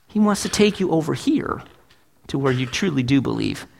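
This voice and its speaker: Brief: pastor giving a sermon, emphatic, fairly high-pitched man's voice. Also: lively intonation, moderate pace, gravelly, a little mellow, a little hiss or hum. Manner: emphatic, asks rhetorical questions, acts out quotes. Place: church.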